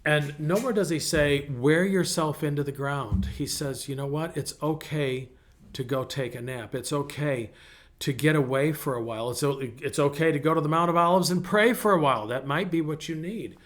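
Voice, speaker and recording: A man's voice: a little high, moderate pace. A middle-aged male pastor preaching a conversational sermon, telling personal stories in a folksy way with frequent restarts.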